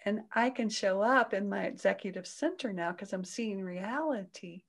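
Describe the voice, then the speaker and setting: A woman talking as a parenting coach in an interview. Her delivery is gentle and soothing, with an explaining tone. When she acts out quoted voices, her pitch jumps up sharply. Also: normal speed, gravelly.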